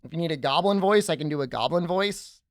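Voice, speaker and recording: A man's voice: on the high side, quick pace, no room sound, clean studio sound. A young adult man streaming a video game, chatting casually and joking back at his chat. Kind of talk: casual chat while gaming.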